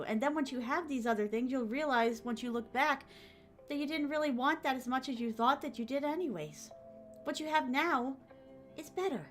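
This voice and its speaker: With a soft, soothing, motherly voice that sits high, this female streamer reads out viewer comments and chats with her audience in a relaxed way.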